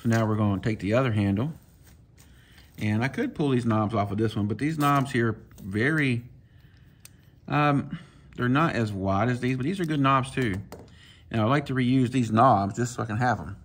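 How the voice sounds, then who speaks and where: A man, casually talking viewers through swapping a reel handle, folksy and relaxed as he works. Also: mid-range voice, normal speed, breathy edge. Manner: relaxed, talks to himself while working, folksy. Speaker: fishing channel host. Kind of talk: casual hands-on tutorial.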